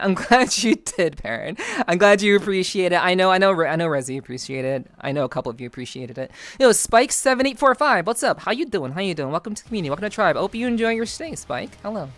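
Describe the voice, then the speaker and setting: A woman's voice: on the low side, big pitch swings, quick pace, few pauses, soft background music. A woman streamer chatting casually with her live chat, greeting viewers by name, laughing and repeating herself. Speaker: VTuber streamer.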